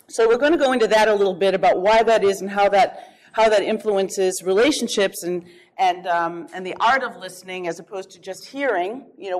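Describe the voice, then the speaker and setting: A woman giving a workshop talk, telling an anecdote in a lively, storytelling way with small chuckles. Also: medium pitch. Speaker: workshop speaker. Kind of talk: storytelling lecture.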